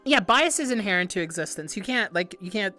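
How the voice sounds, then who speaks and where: A young woman streamer chatting casually with viewers, animated and giggly, swearing often and stumbling over restarts. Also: medium pitch, brisk, faint music behind. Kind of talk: casual livestream chat.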